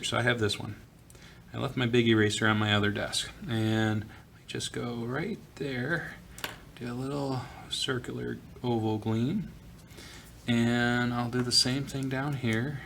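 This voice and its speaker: A man of middling pitch talks through a drawing lesson in an easygoing way, thinking aloud with fillers while he sketches. A faint hiss of room noise sits under his voice, recorded at a school desk. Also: gravelly, fairly bright tone. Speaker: art teacher. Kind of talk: drawing tutorial narration. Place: school office.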